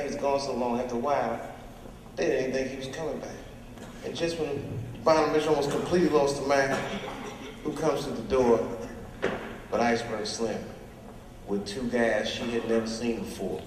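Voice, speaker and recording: A man's voice: mid-range voice, steady tone, fairly quick, noisy background. A man comedian telling a profane, conversational story on stage, recorded from far off in an echoey hall. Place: large hall at a live event.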